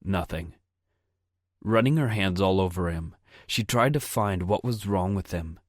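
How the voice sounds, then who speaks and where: A man narrating an audiobook in a steady, measured reading. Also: deep voice, no room sound, studio quality. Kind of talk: scripted narration.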